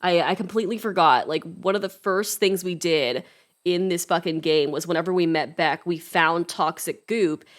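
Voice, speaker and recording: A woman's voice: on the low side, normal speed. A woman streaming a story game, reading it aloud and ranting passionately in between, swearing often. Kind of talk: casual let's-play commentary with character voices.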